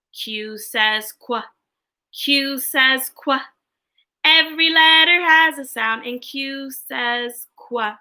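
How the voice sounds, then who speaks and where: A woman teaching a livestreamed phonics lesson to young children, in a slow, sing-song way. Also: sits high, bright, forceful tone. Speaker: kindergarten teacher.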